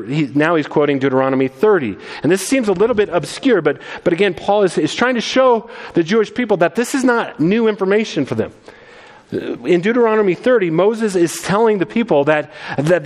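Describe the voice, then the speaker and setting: Man, pastor, sermon, earnest expository preaching, slightly high voice, long hall reverb. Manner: earnest expository preaching, repeats words at starts.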